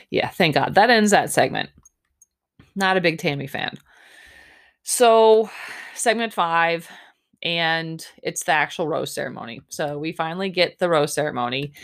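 A young woman hosting a podcast, giving a chatty, snarky recap of a reality show. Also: lowish voice. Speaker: podcast host.

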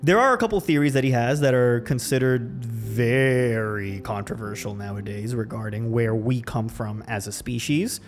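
A man's voice: mid-range voice, moderate pace, few pauses, faint music behind. A man hosting a podcast, telling a personal story in a loose, reflective way, full of restarts. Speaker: podcast host. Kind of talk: casual storytelling.

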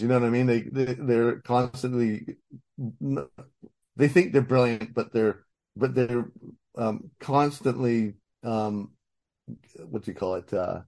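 A man's voice: medium pitch, a little mellow. A man, a voice actor being interviewed, talks in a rambling, casual way with many restarts and frequent laughter. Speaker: voice actor guest.

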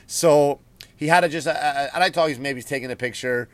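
An Irish comedian tears through a story in a profane, animated rant. His voice sits a bit higher than most men's. The sound is dry and close, recorded at home. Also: brisk, no echo. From Ireland. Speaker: comedian and podcast host.

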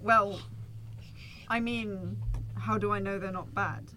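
A woman's voice: medium pitch, fairly even intonation, slow pace, sharp tone, a little hiss or hum. A woman voicing a blunt, suspicious male town guard leader in his sixties during a tabletop game. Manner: blunt, suspicious, barks orders. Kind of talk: tabletop role-play acting.

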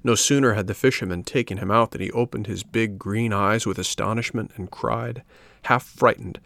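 A man reading a classic storybook aloud as an audiobook narrator, in a measured, even manner. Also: fairly low pitch, gravelly, no room sound.

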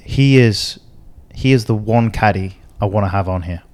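A man's voice: fairly low pitch, normal speed, darkish tone. A man co-hosting a podcast, telling a long story in casual chat with many fillers and restarts. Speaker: podcast co-host.

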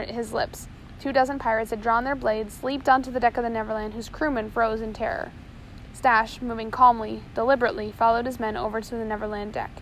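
A woman reads an audiobook chapter aloud at a steady pace. Her voice sits somewhat high, and a faint noise hums underneath. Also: low-quality recording. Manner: steady reading with small slips. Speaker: audiobook narrator. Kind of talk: audiobook narration.

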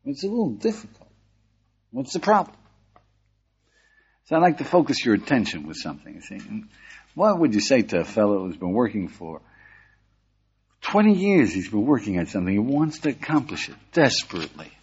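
An older American man, a rabbi, giving a lively class and checking in with his listeners with a steady "yeah?". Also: medium pitch, a little fast, pauses often, husky. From United States. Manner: animated, questioning the audience, frequent "yeah?". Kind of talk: lively Torah class lecture. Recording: dull lo-fi lecture recording.

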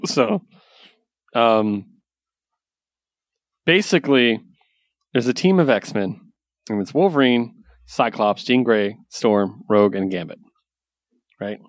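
A man co-hosting a casual podcast, recapping a story with animated storytelling and filler words. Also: mid-range voice, slow, pauses often, no room sound, studio quality. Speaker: podcast co-host, comic reviewer. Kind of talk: casual chat.

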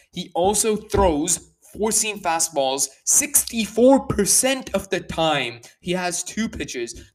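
A man talking through baseball stats in a casual commentary. He gets animated and worked up, leaning hard on the numbers. His pace runs in fast and slow bursts, and he often restarts his sentences. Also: mid-range voice. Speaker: baseball analyst.

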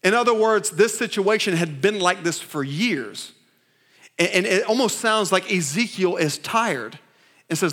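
A pastor delivers a sermon in a notably high male voice. He speaks emphatically, repeating phrases and restarting lines. He keeps asking the congregation to answer and repeat after him. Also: lively intonation, a little slow, fairly bright tone. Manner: call-and-response with the congregation. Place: church service.

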